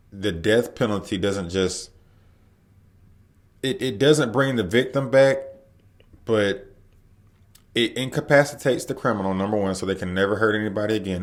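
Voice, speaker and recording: A man hosting an opinion commentary, blunt and emphatic, punching his key words. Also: low voice. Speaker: commentary host.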